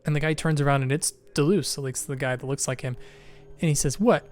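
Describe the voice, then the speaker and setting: A man's voice: medium pitch, steady tone, quick pace, faint music behind. A man describing scenes as the game master of a tabletop role-playing game.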